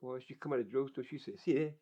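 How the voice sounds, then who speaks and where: An older man recounts his life story in an interview, plain-spoken and vivid, often repeating words. He talks very fast in a medium pitch with a breathy edge, captured on a dull lo-fi recording.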